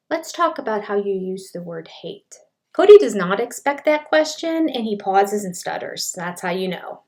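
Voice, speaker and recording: An older woman, a speech language pathologist, giving casual commentary on a reality show and reading quotes aloud in an exasperated, animated way. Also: medium pitch. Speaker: reaction channel host.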